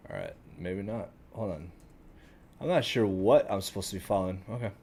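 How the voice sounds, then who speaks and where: A man's voice: low-pitched, animated, a little fast, vocal fry, a little mellow, slight background noise. A man streaming a game, muttering and swearing as he works out the controls. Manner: profane, swears a lot, frustrated muttering. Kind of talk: casual gaming commentary.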